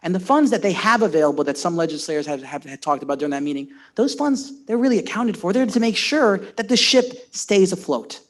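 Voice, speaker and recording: A man's voice: sits high, animated, brisk, few pauses, fairly bright tone. A man, a county legislator, making an impassioned floor speech at a public session, repeating and restarting words as he builds his case. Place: legislative chamber.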